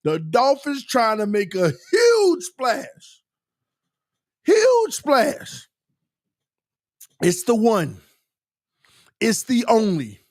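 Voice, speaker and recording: Excitable man ranting, lively high voice. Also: takes it slowly, no echo, studio quality. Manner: excitable, ranting, laughs and shouts, repeats himself. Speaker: sports channel host. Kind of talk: casual fan commentary livestream.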